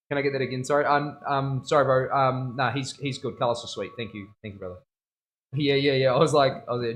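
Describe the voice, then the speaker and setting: A man's voice: medium pitch, fast. A young man chatting casually in a tattoo studio while he works, laughing often and using plenty of slang. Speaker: tattoo artist streaming. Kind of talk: casual live-stream chat.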